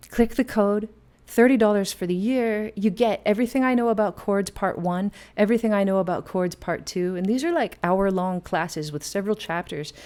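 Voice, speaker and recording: A woman with a mellow, medium-pitched voice hosts a casual piano lesson and promotes her classes, chatty and enthusiastic with playful asides. Faint piano playing can be heard in the background.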